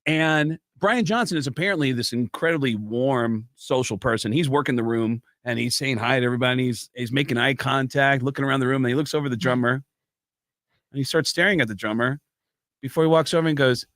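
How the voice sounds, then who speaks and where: A man telling a comic story as a guest, animated and restarting often, close to the mic. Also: medium pitch, fairly quick, dry recording. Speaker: comedian guest.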